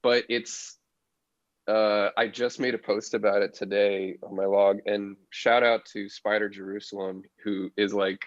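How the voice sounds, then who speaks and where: Low-voiced swearing comedian telling stories. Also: male voice, flat delivery, measured pace, dry recording, highs cut off. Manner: profane, laughs often. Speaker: podcast guest, comedian. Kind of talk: casual storytelling.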